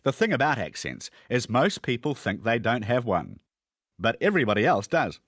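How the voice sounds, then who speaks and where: A man with a New Zealand accent narrating a documentary in a measured, explanatory way. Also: medium pitch, big pitch swings, fairly bright tone. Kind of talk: scripted narration.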